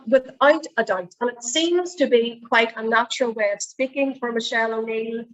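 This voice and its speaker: Poor audio carries a slightly high, somewhat bright woman's voice. She's middle-aged, with a Northern Irish accent, running an online presentation skills workshop in a chatty way and demonstrating voice habits to explain her points.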